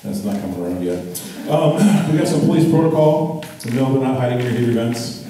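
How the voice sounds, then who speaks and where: Deadpan male stand-up comic in an echoey theater. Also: medium pitch, a little fast. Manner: deadpan, rambling with many fillers. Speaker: stand-up comedian. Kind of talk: stand-up comedy set. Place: theater stage. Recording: echoey theater, distant mic, crowd laughter. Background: audience laughter.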